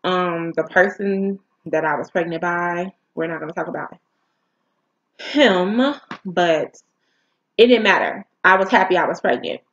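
A woman's voice: lowish voice, fairly bright tone. Woman telling a painful story, lo-fi. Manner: emotional, halting, candid storytelling. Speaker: vlogger. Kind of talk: personal storytime.

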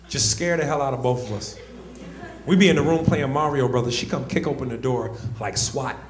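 A man's voice: mid-range voice, a little fast, echoey room. A man performing a stand-up comedy set, telling stories animatedly on a club stage. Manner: animated storytelling, acts out voices.

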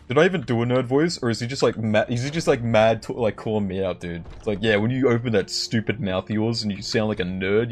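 A young man chatting casually to his viewers while playing a game, rambling and joking and repeating himself. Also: lowish voice. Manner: rambling, jokey, repeats himself, talks to chat. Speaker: streamer. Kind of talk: casual gameplay commentary.

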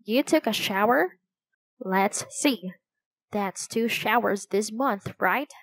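A woman's voice: medium pitch, slow, no echo. A woman reading as a cheerful young boy.

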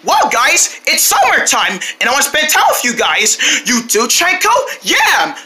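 A woman voicing a cheerful, excitable male buddy character who gushes and repeats himself in a hobby character video. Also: high-pitched, measured pace, heavily acted. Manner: bubbly, gushing, repetitive.

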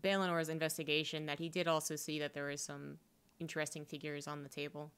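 A woman's voice: low-pitched, little pitch movement, fast talker, a bit bright, clear, resonant tone. A woman running a tabletop game as game master, narrating hesitantly with many fillers.

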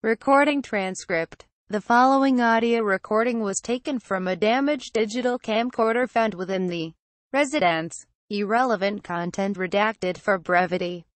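A woman narrating a horror story in a measured, clinical reading style. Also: medium pitch, no echo.

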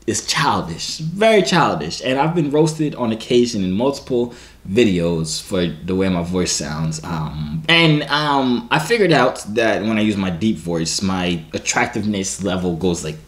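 Slangy young man, low voice. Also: lively intonation, unhurried. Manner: slangy, keeps asking "you feel me". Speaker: vlogger. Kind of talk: casual chat to camera.

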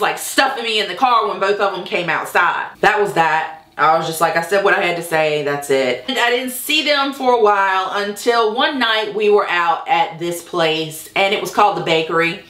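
A woman's voice: mid-range voice, pushed and bright, reverberant. A woman telling a personal story to the camera in a candid, blunt way, swearing freely. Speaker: vlogger. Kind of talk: casual storytelling.

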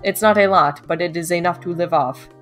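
A woman's voice: on the low side, brisk, fairly bright tone, faint music behind, close to an everyday voice. A woman voicing a quirky male lab rat telling a rambling story in a matter-of-fact way.

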